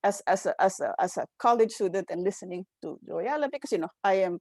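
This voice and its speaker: A woman's voice: mid-range voice, animated, quick pace, darkish tone, no room sound. A Filipino woman in her fifties, an anthropologist on a roundtable panel, telling stories and often adding "right?" while mixing in Tagalog phrases. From Philippines, grew up in Quezon City. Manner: frequent "right?" tag questions, mixes in Tagalog phrases. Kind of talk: academic roundtable talk, storytelling.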